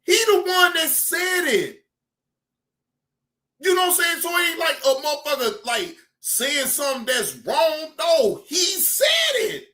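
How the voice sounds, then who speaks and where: A man hosting a reaction channel, excitable and profane, laughing often as he comments. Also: very high-pitched, a little slow, echoey room.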